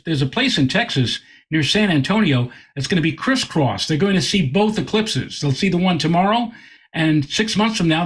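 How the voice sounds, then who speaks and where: Husky-voiced man telling a story. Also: a little high. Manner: animated, repeats words while telling a story. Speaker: guest astronomer. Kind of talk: anecdotal storytelling in interview.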